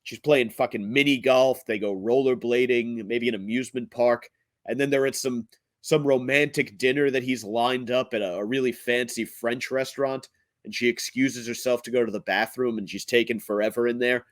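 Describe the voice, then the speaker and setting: A man hosting his own comedy show, delivering a profane rant in a blunt, crude, halting way. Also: medium pitch, fairly even intonation, dry recording. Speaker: podcast host and comedian.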